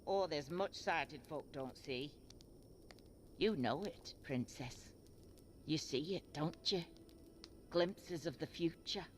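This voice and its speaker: An actress playing a gruff old blind woman seer in a video game, blunt and wry. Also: low voice, slow, pauses often, a little hiss or hum. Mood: knowing. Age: older. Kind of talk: game voice acting.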